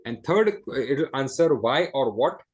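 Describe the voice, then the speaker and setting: A man teaching an Arabic grammar lesson, explaining step by step, checking in with "right?" and reciting Arabic phrases quickly between slower English explanations. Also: medium pitch, animated, breathy edge. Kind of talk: classroom lesson.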